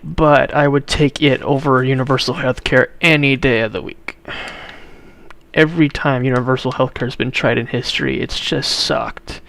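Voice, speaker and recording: A man's voice: medium pitch, fairly even intonation, moderate pace, creaky, a bit bright, a little hiss or hum. A young man streaming a video game, chatting casually and bluntly with his viewers. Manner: blunt, opinionated, talks to chat viewers. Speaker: livestreamer. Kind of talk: casual chat while playing a video game.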